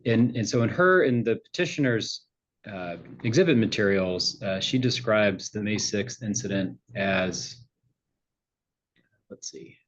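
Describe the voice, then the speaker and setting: A man presiding as a judge at a hearing, asking questions in a halting way with many fillers. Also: fairly low pitch. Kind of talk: courtroom questioning. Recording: muffled lo-fi audio.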